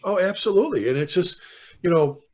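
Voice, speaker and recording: Animated older man, husky voice. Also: sits high. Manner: animated, quickly quotes people in stories. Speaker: podcast guest, fire chief. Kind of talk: conversational storytelling.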